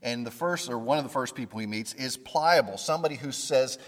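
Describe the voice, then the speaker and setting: A man giving a conversational Bible lesson, informal and halting, often stopping to restart his sentences. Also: medium pitch, long reverb tail. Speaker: Bible teacher.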